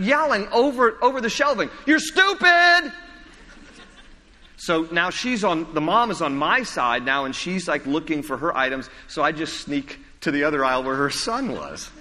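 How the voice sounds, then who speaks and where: A man preaching a sermon with a high, bright, ringing voice. He talks in an animated storytelling way, with asides and little self-deprecating laughs. The sound carries a long reverb, as in a church sanctuary. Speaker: pastor. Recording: echoey hall reverb.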